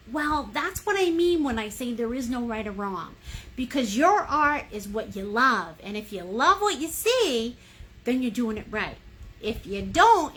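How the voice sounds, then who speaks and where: Bubbly, animated woman teaching painting. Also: a little high, slightly rough. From United States. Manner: chatty, playful, encouraging, sings little sound effects. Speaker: painting instructor. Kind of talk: livestream painting lesson. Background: fan running.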